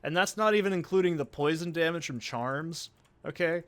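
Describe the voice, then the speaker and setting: A man's voice: a little high, normal speed, fairly bright tone, smooth. A man hosting a let's play, giving rambling, profane, self-deprecating gameplay commentary.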